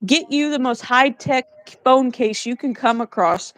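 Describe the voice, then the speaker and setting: A woman with a fairly high voice chats casually on a home livestream. She teases her co-host and tells animated stories, laughing often. The sound is dry and close. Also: measured pace, no room sound. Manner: teasing, animated storyteller who laughs often.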